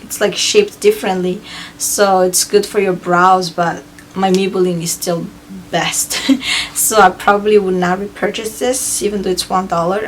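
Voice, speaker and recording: A woman's voice: mid-range voice, a little hiss or hum. A woman vlogger chatting casually through a review of used-up beauty products, with frequent fillers and repeated words. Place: home in Hawaii.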